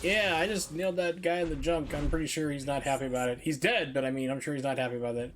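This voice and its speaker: A man's voice: a little high, fairly even intonation, fast, slight background noise. A man streaming a video game live, talking casually through his play with lots of "like" fillers and wry asides. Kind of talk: casual live gameplay commentary. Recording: game music behind voice. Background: game music and sound effects.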